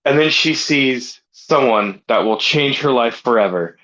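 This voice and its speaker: A man's voice: mid-range voice, lively intonation, a little slow, sharp tone, dull audio. A man co-hosting a comedy podcast, telling a rambling story in casual chat with lots of filler words. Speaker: podcast co-host.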